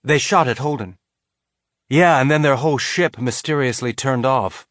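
A man's voice: medium pitch, normal speed, a bit bright, no echo, studio quality, pitched above the performer's own voice, lightly acted. A man voicing a suspicious woman crew member in an audiobook.

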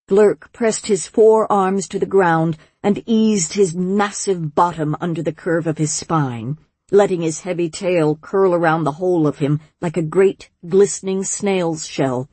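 A woman reads a storybook aloud in a slow, measured way. Her voice is mellow and a bit husky, and the recording is dry and close. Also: lowish voice, dry recording. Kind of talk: storybook reading.

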